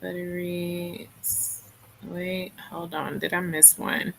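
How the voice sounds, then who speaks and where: Low-voiced woman reading stream comments. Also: slow pace, gravelly, a little hiss or hum, low-quality recording. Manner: relaxed, reads comments aloud. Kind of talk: casual chat, reading viewer comments.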